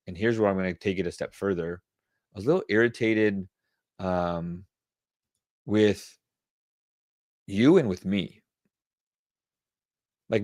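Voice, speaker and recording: A man with a low voice leads a casual coaching Q&A, thinking aloud as he clicks around and shares his screen. He speaks firmly and directly about standards. The sound is dry and close, from a computer mic on a video call. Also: no room sound. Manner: conversational, thinks aloud while searching and sharing screen. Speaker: leadership coach. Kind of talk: casual teaching Q&A.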